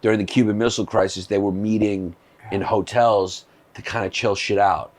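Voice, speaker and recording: A man's voice: on the low side, steady tone, moderate pace. A male comedian in casual chat, telling stories in a laid-back, rambling way. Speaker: comedian guest. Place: small shed.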